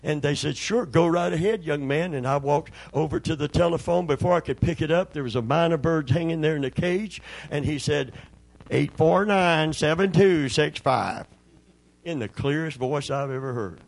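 An older man delivers a sermon built on folksy stories, acting out the voices of people in his anecdotes. His voice is on the high side and a little mellow, and he talks a little fast with hardly any pauses.

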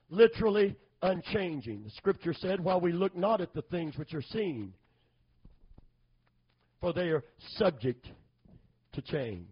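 Husky high-voiced preacher man. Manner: call-and-response, asking for amens; builds to loud, fervent emphasis. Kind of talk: sermon. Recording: dull lo-fi sermon recording.

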